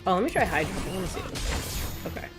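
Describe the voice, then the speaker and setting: A woman's voice: mid-range voice, very animated, fast talker, over music. A woman streaming a game, chatting casually and sarcastically as she plays, laughing often and sounding tired. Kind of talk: casual live-stream chat while playing.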